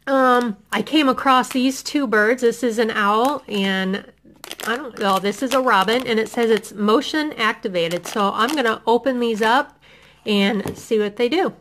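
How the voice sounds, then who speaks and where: A woman's voice: fairly high pitch, unhurried, fairly bright tone, a little hiss or hum. Chatty middle-aged woman vlogger. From Indiana, USA. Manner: chatty, enthusiastic, many ums. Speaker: haul vlogger. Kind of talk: casual product haul chat.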